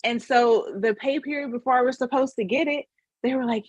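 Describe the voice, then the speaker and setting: A woman's voice: high voice, steady tone, brisk, no echo, dull audio. A woman giving a casual motivational webinar talk as a money mindset coach, telling her story earnestly and emotionally.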